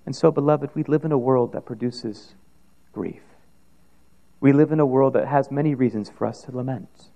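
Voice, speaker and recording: Impassioned preacher man, mellow voice. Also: mid-range voice, normal speed, gravelly, muffled recording. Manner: impassioned, rising to fervent declarations then dropping to hushed near-whispers. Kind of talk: sermon.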